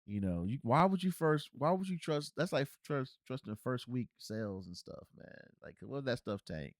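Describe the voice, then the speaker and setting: A man talks through a movie review in a loose, rambling way, full of restarts and fillers. His voice sits at a middle pitch and swings up when something confuses him. The sound is dry and close, with no room around it. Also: big pitch swings, moderate pace, dry recording. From Cincinnati, US. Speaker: podcast host reviewing a movie. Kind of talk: casual solo movie review.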